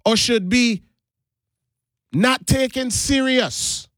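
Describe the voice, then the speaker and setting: A man's voice: high voice, big pitch swings, slow, a bit bright, no echo, clean studio sound. A man from the US Virgin Islands with a Virgin Islands Creole accent, hosting an earnest radio monologue. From United States Virgin Islands. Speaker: radio host.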